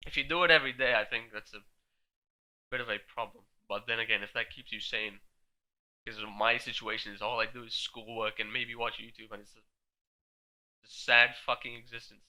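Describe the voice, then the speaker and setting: A man's voice: mid-range voice, fairly even intonation, brisk, pushed and bright, poor audio. A teenage boy who is sick, rambling and swearing in a frustrated casual rant on a borrowed cheap microphone. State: sick with a virus. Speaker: gaming commentary vlogger. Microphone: borrowed low-quality microphone.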